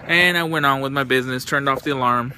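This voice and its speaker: Bright, profane young man telling stories. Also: mid-range voice, fast talker, slight background noise. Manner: loose, profane, exasperated anecdotes. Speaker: vlogger. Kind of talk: casual storytelling.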